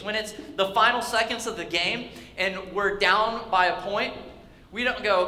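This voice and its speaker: Young male pastor, bright and high-voiced. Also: normal speed. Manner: casual, joking, acts out the characters. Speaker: youth pastor. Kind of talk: storytelling sermon. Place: large church hall. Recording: echoey hall with faint ambience.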